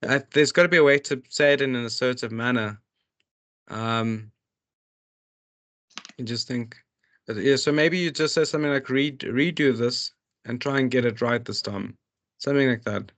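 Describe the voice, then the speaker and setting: A man with a mid-range, fairly bright voice tutors at a normal speed, leaving long pauses. He walks students through a workbook, reading each question aloud and then explaining it, with lots of restarts and fillers.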